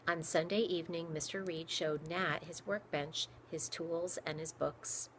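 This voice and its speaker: A woman narrating a children's chapter book in steady, clear storytelling. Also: low-pitched, unhurried, a little hiss or hum. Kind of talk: audiobook reading for children.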